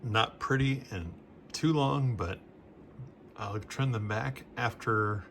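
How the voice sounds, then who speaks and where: A man's voice: lowish voice, takes it slowly, slight background noise. A man casually narrating while he works on his model railroad, talking as he goes and breathing hard, recorded on a phone. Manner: relaxed, talks while working with hands. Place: indoor hobby room at a model railroad layout.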